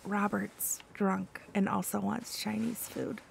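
A woman's voice: medium pitch, flat delivery, slow pace, vocal fry, a little hiss or hum. A young woman streamer, reading chat aloud and giggling in casual talk.

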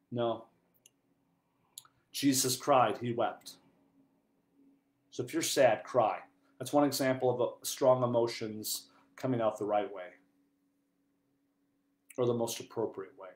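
A man preaching as a priest, earnest and heartfelt, his voice dropping low and then rising to loud emphasis. The room around him rings with a roomy echo, and his pitch sits in an ordinary middle range. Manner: earnest, wide swings from hushed to loud. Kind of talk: sermon. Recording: echoey room.

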